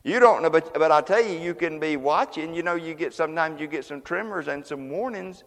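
A man preaching a sermon as pastor, folksy and conversational, now and then breaking into loud exclamations. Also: a little high, fairly quick, vocal fry, in a large hall. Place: church sanctuary.

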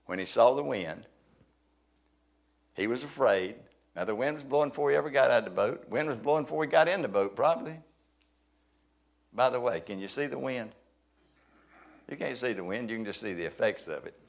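A man preaching a sermon in a folksy, conversational way, with loud emphasis and quiet asides. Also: fairly low pitch, gravelly.

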